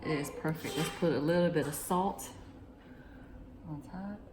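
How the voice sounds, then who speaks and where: A woman's voice: sits low, normal speed, noisy background. A woman hosting a casual cooking vlog, chatting to her viewers as she plates and tastes food. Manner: chatty, addresses viewers as guys. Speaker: cooking vlogger.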